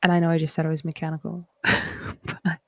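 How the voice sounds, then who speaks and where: A woman's voice: low voice, monotone, a little fast, fairly bright tone, no room sound, studio quality. A Canadian woman hosting a live stream, chatting casually with viewers in a rambling, reflective way before reading scripture aloud.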